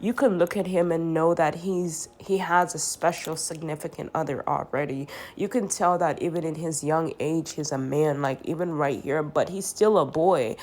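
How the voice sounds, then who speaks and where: Low-voiced woman in an earnest, rambling monologue. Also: steady tone, normal speed, hardly any pauses, darkish tone. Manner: earnest, rambling, with many restarts and fillers. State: congested from sinus trouble.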